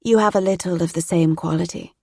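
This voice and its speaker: A lively young woman in an audiobook, chatty and watchful, as the narrator puts her on. The voice is dark and warm, and the recording is close and dry. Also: lowish voice, fast, creaky, husky, no room sound.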